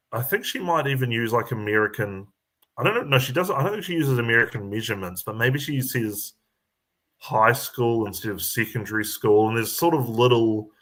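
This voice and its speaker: A man with a New Zealand accent chatting casually, halting with many fillers and restarts. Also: lowish voice, fairly bright tone. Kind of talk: casual chat.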